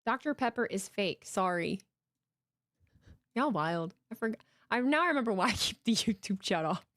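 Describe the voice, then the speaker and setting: Woman streamer, playful and teasing, lively up-and-down voice, dry close sound. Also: mid-range voice, normal speed, dry recording. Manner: playful, teasing, talks to her chat as "my darlings". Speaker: streamer hosting a watch-along. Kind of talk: casual live-stream chat. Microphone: headphones with desk mic.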